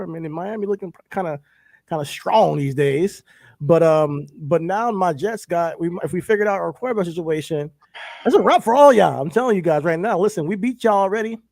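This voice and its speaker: Man, high voice, dry close sound, boastful sports banter, repeats himself. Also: a little fast, creaky, darkish tone, no room sound. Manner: boastful, hypes his team, repeats himself. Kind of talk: casual sports chat.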